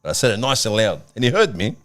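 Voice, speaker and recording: A man with an Australian accent telling a pub story in casual chat, blunt and swearing, with lots of animated storytelling. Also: fairly low pitch, fast. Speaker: podcast co-host.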